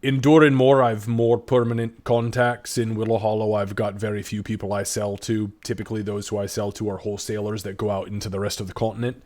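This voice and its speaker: A chatty, businesslike dwarf trader, as a man puts him on with a low voice. He talks earnestly and hesitates with little fillers. This is a tabletop game voice. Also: flat delivery, brisk, hardly any pauses, a little mellow, lightly acted. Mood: friendly.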